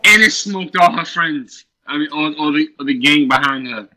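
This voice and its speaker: A man's voice: fairly high pitch, normal speed, pushed and bright, low-quality recording. A man co-hosting a casual chat, dropping wry, short quips and swearing freely. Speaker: co-host.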